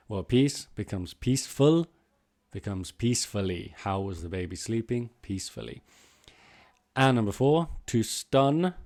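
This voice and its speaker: Upbeat man teaching exam English. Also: fairly low pitch. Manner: explanatory, lively and upbeat, stresses item numbers. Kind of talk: online grammar lesson.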